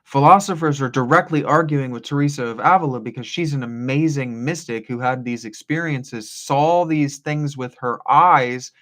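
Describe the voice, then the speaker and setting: A man hosting a reading, reading passages aloud and musing on them in a loose, discursive way, slipping into a deep radio voice for the passages. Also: normal speed, hardly any pauses, a bit bright. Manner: discursive, with restarts and asides. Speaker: host reading aloud and commenting. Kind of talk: rambling philosophical commentary between read passages.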